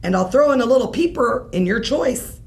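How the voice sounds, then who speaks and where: A woman's voice: fairly high pitch, expressive, normal speed, creaky, pitched above the performer's own voice. A woman reading a bedtime story aloud, voicing a dramatic, stubborn young boy who whines and bargains over his toys. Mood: bargaining. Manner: whiny, dramatic, pleading.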